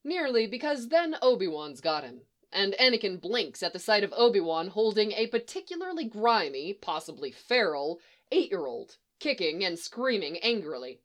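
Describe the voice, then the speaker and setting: A woman reading a story aloud with an expressive, animated delivery. Her voice sits a little low but swings widely up and down as she tells it. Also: normal speed, few pauses. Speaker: narrator. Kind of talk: storybook reading of fan fiction.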